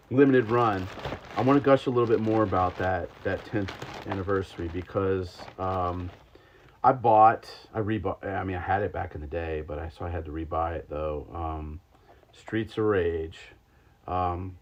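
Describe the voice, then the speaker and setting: Taste-testing sodas on his livestream, a podcast host talks casually and rambles, full of ums and likes. He has a low voice at normal speed, captured in somewhat dull lo-fi stream audio.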